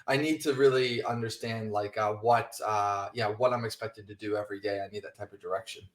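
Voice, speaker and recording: A man, a company CEO, chatting as a podcast guest, relaxed and a little hesitant. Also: fairly low pitch, a little fast, roomy sound. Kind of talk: casual interview chat.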